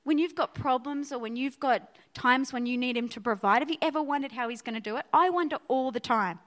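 A woman pastor preaching a sermon to her church, energetic and conversational, often checking in with her listeners. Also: sits high, quick pace. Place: church auditorium.

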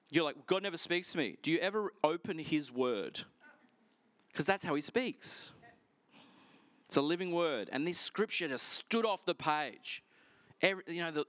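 A middle-aged man preaching a sermon, telling stories in a lively, animated way. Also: on the high side, no room sound. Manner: lively, animated storytelling with quick asides. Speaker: pastor. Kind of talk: storytelling sermon.

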